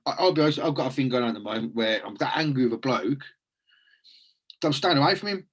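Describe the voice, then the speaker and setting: A man's voice: medium pitch, animated, fast. A man hosting a casual, reflective chat, earnest and rambling with frequent restarts.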